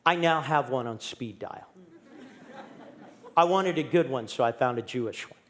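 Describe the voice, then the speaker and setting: A man's voice: mid-range voice, moderate pace, fairly bright tone, some chatter behind. A middle-aged man preaching in a church, telling a personal story with humor and candor. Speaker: guest pastor. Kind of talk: storytelling sermon.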